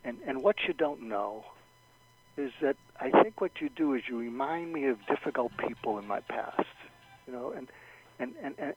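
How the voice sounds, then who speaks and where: Male guest expert, husky, plain conversational delivery, lo-fi radio broadcast quality. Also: mid-range voice, animated, moderate pace. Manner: thoughtful, repeats words, acts out sample lines. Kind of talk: conversational advice with acted examples. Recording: dull, lo-fi radio sound.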